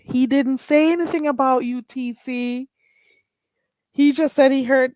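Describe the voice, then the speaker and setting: A woman hosting a live stream in casual chat, chatty, with drawn-out exclamations. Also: high-pitched, fairly even intonation, a little mellow, no echo. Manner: chatty, drawn-out "ooh"s and frequent laughter.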